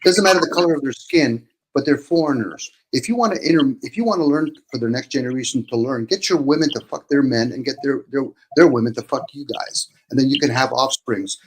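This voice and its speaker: Casting note: man in casual talk, blunt and profane, mid-pitched voice, faint hiss behind. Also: brisk, hardly any pauses. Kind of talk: casual opinionated chat.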